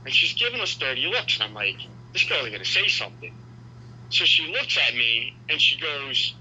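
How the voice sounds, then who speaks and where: A man telling a story in casual podcast chat, animated and profane. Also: mid-range voice, normal speed, breathy edge, highs cut off. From New York.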